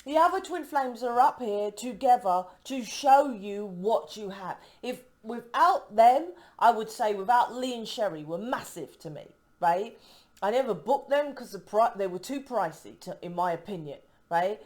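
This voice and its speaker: A woman's voice: a little high, expressive, measured pace. A woman from the UK doing a casual tarot reading to camera, emphatic and rambling, breaking off mid-word and asking "right?" to win agreement. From United Kingdom. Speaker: tarot reader.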